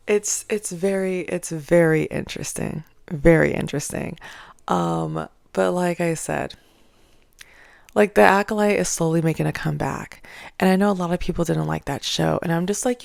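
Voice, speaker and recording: A woman vlogger ranting casually about her opinions, animated and mocking. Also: lowish voice, vocal fry, no room sound, clean studio sound. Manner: animated, mocks others in exaggerated voices.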